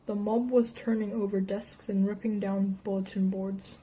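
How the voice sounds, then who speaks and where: A woman reading a novel aloud in an even voice, with light voices for the characters. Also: medium pitch, normal speed, a little hiss or hum, rough recording. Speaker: audiobook reader.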